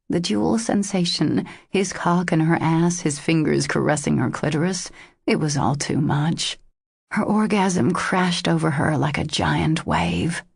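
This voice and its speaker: Brief: woman audiobook narrator, low gravelly voice, intimate romance reading. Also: darkish tone, no echo, studio quality.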